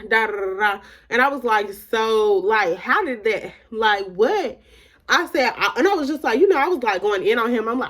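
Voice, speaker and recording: A woman's voice: on the high side, animated, moderate pace, a bit bright. A woman vlogger telling a casual storytime, emphatic and candid, filling her talk with "like" and retelling conversations. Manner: emphatic, repeats "like" often.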